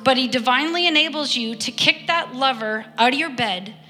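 A woman preacher giving an earnest, heartfelt sermon, reading scripture and pausing often. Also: sits high, bright, forceful tone. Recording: long hall reverb, faint music behind.

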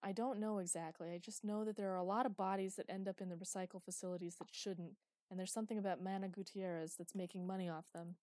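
Woman doing a serious wound-up young guy, urgent and pushy, mellow tone. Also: mid-range voice, fairly even intonation, quick pace, hardly any pauses, dry recording, clean studio sound, lightly acted. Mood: tense. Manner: urgent and insistent. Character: tense, serious young man, cautious.

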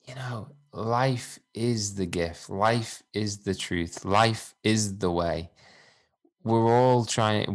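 A man co-hosting a faith podcast, talking in a reflective, preachy way with many restarts. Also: lowish voice. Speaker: podcast co-host.

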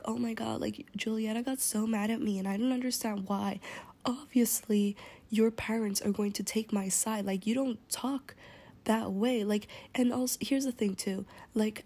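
A woman's voice: mid-range voice, mellow, husky. A young woman telling a story in a casual, rambling way, often slipping into an unvoiced whisper, swearing and using lots of fillers.

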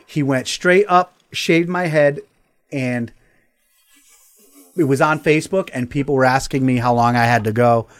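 Animated, profane New storyteller man. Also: mid-range voice, a little slow, long pauses, clean tone. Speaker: podcast host. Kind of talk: casual storytelling chat.

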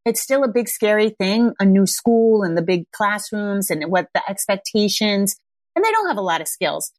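A woman's voice: mid-range voice, lively intonation, normal speed, no echo. A woman in her thirties, a parenting coach hosting a podcast, talking casually and often checking in with "right?" and "yeah?". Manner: conversational, frequent tag questions like "right?" and "yeah?". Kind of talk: casual advice talk.

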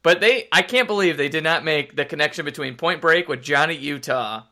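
A man's voice: a little high, brisk, pushed and bright. A man co-hosting a sports podcast, talking casually and rambling off topic with the odd swear. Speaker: podcast co-host.

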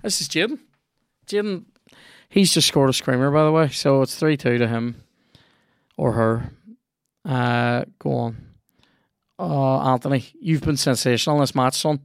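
A man's voice: medium pitch, unhurried, creaky, long pauses, smooth, no echo, studio quality. A man hosting a podcast, chatting casually and swearing as he rambles and reacts aloud to a video game he is playing. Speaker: podcast host.

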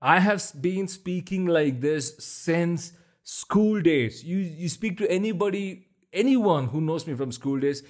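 A man hosts a solo podcast into a podcast mic. His voice is deep, and he talks bluntly and emphatically, swearing often as he rants. His pitch sits a little above most men's. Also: animated, measured pace. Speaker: podcast host.

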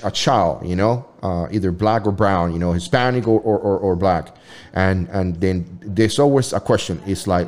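A man hosting a casual talk show, rambling and halting with many fillers. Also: deep voice, a little mellow. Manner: rambling, halting, lots of "you know". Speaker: host.

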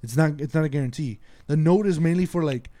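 A man's voice: fairly high pitch, quick pace, dark tone. A man telling a story in casual, profane chat, acting out the people he quotes.

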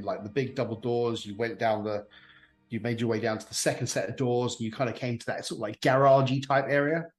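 Man game master narrating, casual filler-heavy delivery, middle pitch, faint music. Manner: casual, many fillers, meandering.

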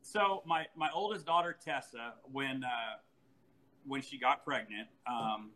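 A man in his forties talks in a bright, forward voice. He tells stories with animation, laughs often and restarts his sentences mid-thought. The feel is a relaxed, casual chat. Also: mid-range voice, a little slow, low-quality recording. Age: 40s.

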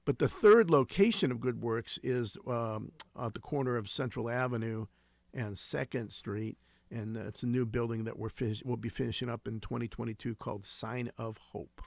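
Gravelly earnest man in his sixties. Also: mid-range voice, normal speed, no room sound. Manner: earnest, reflective, with frequent restarts. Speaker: guest, founder of a homeless ministry. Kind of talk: conversational interview storytelling.

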